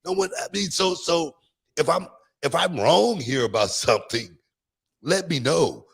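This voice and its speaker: A man's voice: fairly high pitch, big pitch swings, a little slow, vocal fry, husky. A man hosting a podcast in casual chat, talking emphatically and self-assuredly and repeating phrases for stress. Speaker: podcast host.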